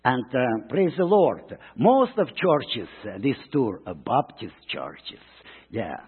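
Halting Russian-accented man preaching in church. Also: medium pitch, big pitch swings, breathy edge. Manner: halting, many ums and uhs, broken English. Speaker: missionary guest speaker. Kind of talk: church presentation. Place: church sanctuary. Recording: tinny, reverberant church recording.

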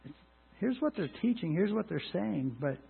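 A middle-aged man preaching a sermon in an earnest way, rising to emphatic lines and dropping to quiet asides. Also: high voice, big pitch swings, moderate pace, gravelly, breathy edge, narrow, tinny audio. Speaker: pastor.

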